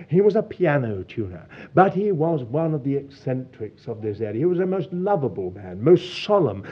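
An older man who leads a Christian fellowship, telling lively anecdotes to his congregation and acting out the voices of the people in them. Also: fairly high pitch, breathy edge. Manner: animated storytelling, acts out quoted voices. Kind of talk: anecdotal testimony talk. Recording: dull lo-fi recording.

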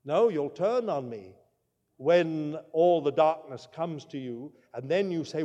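High-voiced preacher in a reverberant hall. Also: male voice, animated, a little slow. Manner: earnest, emphatic, swings from loud declarations to quiet asides. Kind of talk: sermon. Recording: long reverb from a large hall.

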